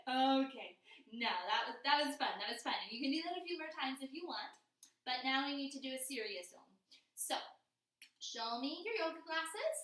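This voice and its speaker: A woman's voice: high voice, lively intonation, moderate pace, long pauses, fairly bright tone. A woman leading a children's yoga class in a playful, sing-song way, making animal sounds as she goes. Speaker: kids yoga teacher. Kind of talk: guided kids yoga class. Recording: echoey room, voice from a distance.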